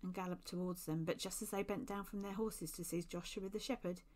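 Expressive woman reading a storybook. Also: on the low side, a little fast. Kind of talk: reading a children's book aloud.

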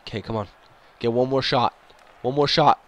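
A young man giving profane let's-play commentary, excitable, yelling and swearing at the game, a bit congested and coughing. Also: medium pitch, moderate pace. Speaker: gaming YouTuber.

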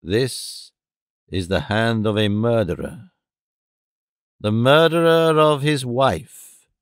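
A man's voice: medium pitch, clear, resonant tone, no room sound, clean studio sound, close to an everyday voice. Man putting on a commanding fortune-teller queen. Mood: stern, ominous. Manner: slow, grave, commanding. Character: stately commanding middle-aged female fortune-teller queen. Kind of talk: audiobook reading.

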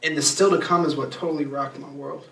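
A young adult man giving a youth sermon, talking casually and emphatically and slowing down to read scripture. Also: on the high side, steady tone, gravelly, fairly bright tone. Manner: emphatic, conversational preaching with slowed scripture reading. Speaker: youth pastor. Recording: echoey room, distant mic.

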